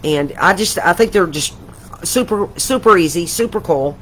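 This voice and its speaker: A woman's voice: lowish voice, animated, normal speed, a bit bright, a little hiss or hum, poor audio. An older woman, hosting a casual craft livestream from home, chatty and rambling, gushing with affection. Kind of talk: casual live craft chat.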